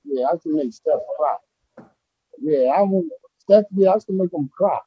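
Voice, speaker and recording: A man's voice: fairly high pitch, moderate pace, dull audio, slight background noise. A man from Brooklyn, telling rambling, slangy street-basketball stories as an interview guest. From Brooklyn, New York. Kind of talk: casual storytelling interview.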